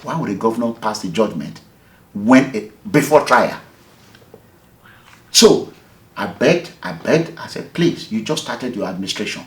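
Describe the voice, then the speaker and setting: A man's voice: on the low side, measured pace, pauses often. A Nigerian man from Edo State, an activist, giving an interview and telling a story with emphasis, acting out both sides of the conversations he recounts. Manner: animated, emphatic, acts out the dialogue. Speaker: activist, movement leader. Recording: echoey room.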